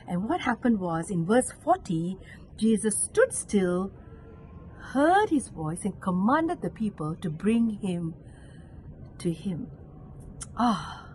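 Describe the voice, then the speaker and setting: An earnest woman with a Malaysian English accent reflects on a scripture passage as a lay catechist. Her voice sits fairly high. A faint background noise runs under the recording. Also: animated, unhurried, a little mellow, low-quality recording. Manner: earnest, acts out quoted voices with sudden pitch jumps. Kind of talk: devotional reflection.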